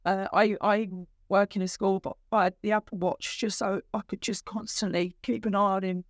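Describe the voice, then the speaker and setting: A middle-aged woman, a guest on a podcast, telling her story emotionally, with halting restarts. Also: medium pitch, flat delivery, dry recording, studio quality. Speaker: guest, bereaved mother. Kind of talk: podcast conversation.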